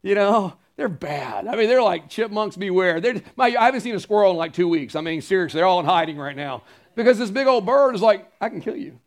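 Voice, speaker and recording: A high-pitched man preaches a sermon as pastor. He is earnest and emphatic, leans on repetition, and breaks into friendly asides to the congregation. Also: expressive, brisk.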